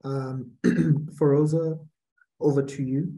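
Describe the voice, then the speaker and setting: A man chairing a webinar and introducing the next speaker, measured and full of small fillers, over a video call. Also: on the high side, little pitch movement, creaky, dark tone, poor audio. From South Africa.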